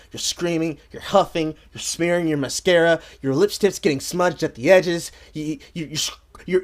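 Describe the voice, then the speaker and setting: A woman hosting a stream, ranting sarcastically and profanely in a comedic commentary. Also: lowish voice. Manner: animated, sarcastic rant with voices. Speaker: streamer host.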